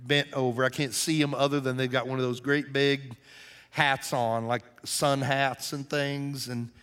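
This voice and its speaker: A man's voice: medium pitch, level tone, a little slow, fairly bright tone, clean tone. A man preaching a sermon, telling a personal story in a conversational way that turns emphatic and earnest. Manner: conversational storyteller, grows emphatic and intense at the close. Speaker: pastor.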